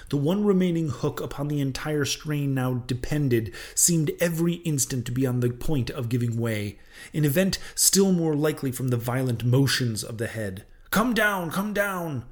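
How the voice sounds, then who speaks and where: A man's voice: mid-range voice, normal speed, darkish tone. A man narrating with dramatic expression. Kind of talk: audiobook narration of a classic novel.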